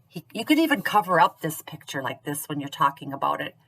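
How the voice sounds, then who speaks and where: A middle-aged woman teaching parents in a gentle, encouraging, slow and clear way. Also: deep voice, sing-song, low-quality recording. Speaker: early childhood teacher. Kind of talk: instructional video for parents.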